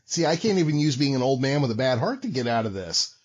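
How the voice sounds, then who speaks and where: A man with a husky voice that swings lively up and down, co-hosting a wrestling podcast. He jokes and makes fun of himself. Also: mid-range voice, quick pace, lo-fi sound. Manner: joking, self-mocking. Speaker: podcast co-host. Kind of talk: casual podcast chat.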